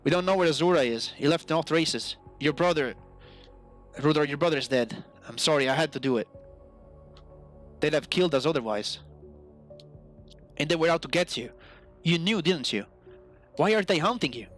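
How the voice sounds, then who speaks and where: A man voices a guilt-ridden young adventurer from a role-playing game, reading his lines aloud in a fairly high voice. The hero speaks seriously and apologetically, with soft game music playing behind. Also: animated, normal speed, pauses often, close to an everyday voice. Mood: earnest.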